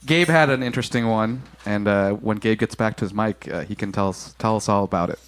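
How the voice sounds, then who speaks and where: A man hosting a casual podcast chat, playful and quick to laugh. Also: fairly low pitch. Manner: laughing, playful, trying out a mock accent. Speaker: podcast host.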